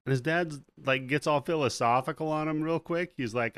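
A man's voice: fairly high pitch, brisk, hardly any pauses, clean tone, no echo. A young man, a podcast host, casually recapping a film plot and acting out the characters' lines. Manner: animated retelling with quoted voices. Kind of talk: casual movie recap chat.

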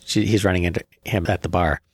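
A man co-hosting a casual comedy podcast, wry and quick with story ideas, often restarting his sentences. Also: low-pitched, steady tone, husky, no room sound. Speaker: podcast co-host.

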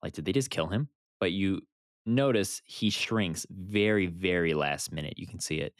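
A man co-hosting a podcast, chatting casually in an excited, joking way. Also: moderate pace, no room sound, clean studio sound. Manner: excited, jokey, lively swings in pitch. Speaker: podcast co-host. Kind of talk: casual chat.

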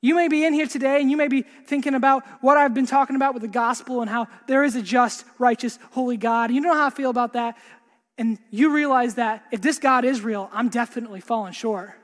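A man preaching a sermon earnestly, repeating words and dropping to a hush for emphasis. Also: very high voice, brisk. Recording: long hall reverb.

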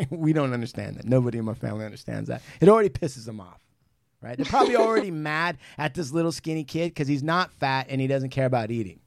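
A man's voice: quick pace, gravelly, dry recording, clean studio sound. A man hosting a podcast, telling profane family stories in casual chat and acting out relatives' lines. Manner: animated, profane, acts out relatives in shrill voices. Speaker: podcast host.

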